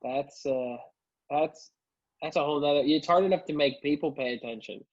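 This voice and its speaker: A man's voice: a little high, normal speed, a little mellow, lo-fi sound. A man hosting a podcast, asking long, rambling questions with many restarts in a casual chat. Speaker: podcast host.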